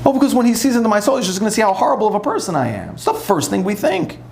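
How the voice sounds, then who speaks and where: A man, a rabbi, giving an animated, conversational sermon to a live audience. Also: high-pitched, racing, gravelly, a little hiss or hum. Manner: animated, conversational preaching with acted-out asides.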